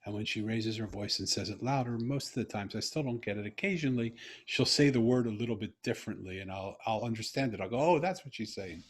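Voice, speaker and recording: A middle-aged man hosting a video call conversation, telling a personal story earnestly and growing animated when he quotes himself. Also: on the low side, fast, hardly any pauses, slightly rough. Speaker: interview host.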